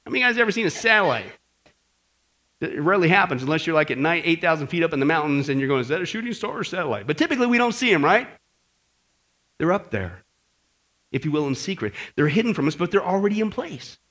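A man's voice: fairly high pitch, animated, fast talker, fairly bright tone. A man preaching a Bible teaching sermon in an emphatic, conversational way, often checking in with his listeners.

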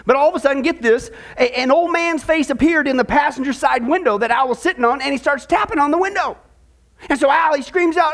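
A male pastor preaching a sermon in a joking, chatty, lively way. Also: extremely high pitch, a little fast.

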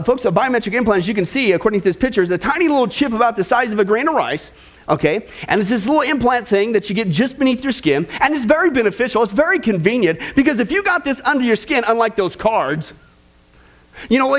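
A man preaching a sermon in an animated way, acting out the voices of the people he quotes. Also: very high voice.

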